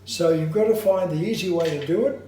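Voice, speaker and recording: A male voice coach speaking in a somewhat high voice, heard from a distance. His voice rings through a very echoey room as he explains technique in a measured, instructive way. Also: mellow, slight background noise. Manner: measured, instructive, slows to stress points. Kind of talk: singing lesson with demonstrations.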